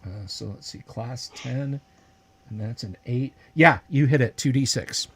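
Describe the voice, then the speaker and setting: A man narrating as game master of a tabletop game on an online stream, casual and halting with many filler words. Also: mid-range voice, a bit bright, slightly rough. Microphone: video call.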